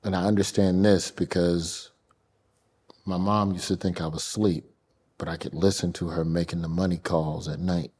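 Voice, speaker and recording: Laughing comic guy, low voice. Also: normal speed, slightly rough. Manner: joking, animated, laughing, rising into comic rants. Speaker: comedian guest. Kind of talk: casual interview talk.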